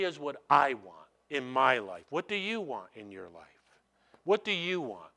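Man, pastor, sermon, bright forceful voice, repeats phrases, conversational. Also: medium pitch, sing-song, measured pace.

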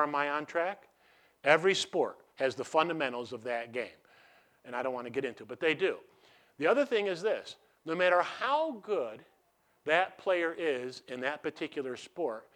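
A middle-aged man preaching a sermon as a pastor. He asks the congregation questions and lets them answer, and he swings between loud emphatic bursts and quiet asides. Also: a little high. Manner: call-and-response questions to the congregation.

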